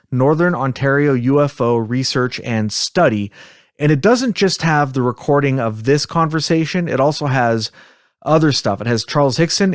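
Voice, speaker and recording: Close-miked with no room sound, a male podcast host in a medium pitch keeps things casual. He rambles, chuckles, and turns a little self-deprecating now and then.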